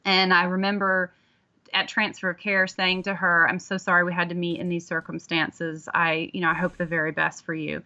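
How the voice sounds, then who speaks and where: Woman, lower pitch, bright edge, ER nurse guest, earnest, reflective. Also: flat delivery, moderate pace, muffled recording. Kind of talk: conversational interview.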